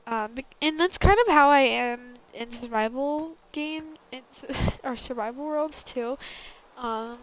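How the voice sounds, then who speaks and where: A woman's voice: sits high, a little slow, poor audio. A young woman streaming a building game, chatting casually and rambling with lots of fillers in a valley girl lilt. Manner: rambling, filler-heavy, self-correcting. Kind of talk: casual chat while gaming.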